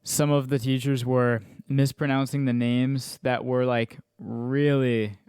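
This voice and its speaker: Young guy hosting a chill podcast, smooth voice, dry sound. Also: mid-range voice, level tone, slow, a little mellow, no echo. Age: young adult. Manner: easygoing, leads the questions. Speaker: podcast host. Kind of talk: casual chat.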